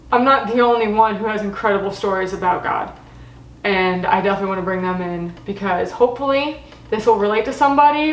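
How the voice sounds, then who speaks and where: A woman from Florida, hosting a casual storytelling vlog in a chatty, animated way, acting out her own quotes. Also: on the high side, roomy sound, recorded from a distance, poor audio. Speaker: host.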